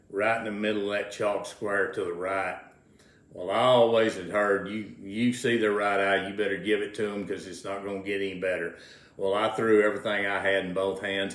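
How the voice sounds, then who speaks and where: A man's voice: fairly low pitch, fairly bright tone. An older man, telling folksy rodeo stories as an interview guest, repeating words as he goes. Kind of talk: casual storytelling. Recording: roomy echo.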